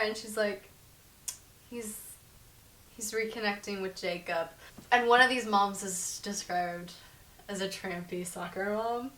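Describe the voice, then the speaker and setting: A young woman recapping a book's plot in casual chat, swearing freely and tossing off quick impressions of the characters. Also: mid-range voice, fairly even intonation, bright, forceful tone. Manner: profane, breezy, slips into quick impressions of characters. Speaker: book reviewer. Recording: echoey room, mic at a distance.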